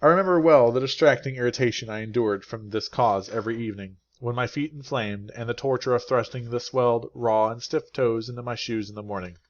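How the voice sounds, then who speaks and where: A man reads a classic novel aloud as an audiobook narrator, with a steady, clear and unhurried delivery. His voice sits at a middle pitch. The recording sounds slightly muffled and lo-fi. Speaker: English teacher reading a novel aloud.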